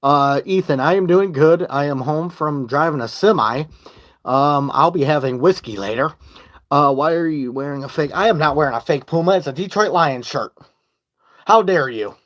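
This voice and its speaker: On a phone mic in his home basement, a Michigan man holds a casual live-stream chat. His voice runs on the high side, moderately paced and a bit bright; he rambles, swears and loses track of his thoughts.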